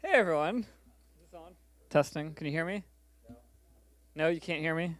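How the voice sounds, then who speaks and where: A man's voice: on the high side, moderate pace. A man giving an unprepared, improvised lightning talk at a conference, speaking in a loose, chatty way.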